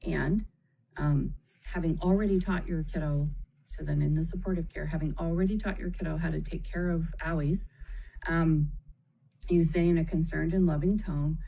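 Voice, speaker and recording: A woman's voice: sits low, fairly even intonation, normal speed, vocal fry, a little hiss or hum, poor audio. A woman teaching about parenting in a live video, talking conversationally, checking in with her listeners and speaking with empathy. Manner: conversational, checks in with frequent "okay?"; warm, empathetic phrasing, calls children "kiddo". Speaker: parenting educator. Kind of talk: live-streamed explanatory talk.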